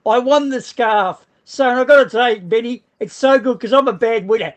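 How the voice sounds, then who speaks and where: A man with an Australian accent, loudly teasing viewers on a fan stream. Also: very high-pitched, moderate pace, few pauses. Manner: mocking, loud, teasing viewers. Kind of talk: casual banter.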